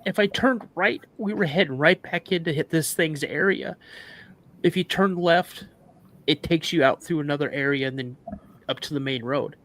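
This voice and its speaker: A man's voice: a little high, moderate pace. A man, a guest recounting a frightening encounter, acting out the voices of others and getting emotional. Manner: animated retelling with quoted dialogue, emotional. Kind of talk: emotional storytelling on a live show.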